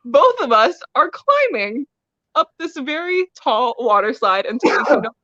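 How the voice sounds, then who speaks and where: A woman's voice: high voice, sing-song, normal speed, fairly bright tone, no echo, lo-fi sound. A woman wrestler guest telling a story in a casual interview, laughing often as she talks. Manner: giggly, laughs often while telling stories.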